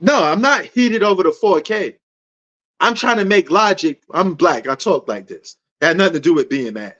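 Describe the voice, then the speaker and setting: Loud passionate New man. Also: high voice, lively intonation, normal speed. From New York. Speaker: sports talk show host. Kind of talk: livestream sports debate answering chat. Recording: dull lo-fi stream audio.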